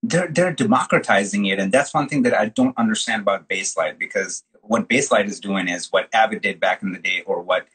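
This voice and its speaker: A man hosting a casual interview, talking in an animated, slangy way and calling his guest dude. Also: fairly low pitch, brisk, few pauses, slightly rough, rough recording. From from the US Midwest. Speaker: host, colorist.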